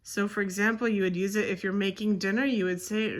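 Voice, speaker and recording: A woman's voice: medium pitch, steady tone, moderate pace, hardly any pauses, a bit bright. A woman teaching a recorded French textbook lesson, explaining grammar casually, with fillers and the odd self-correction.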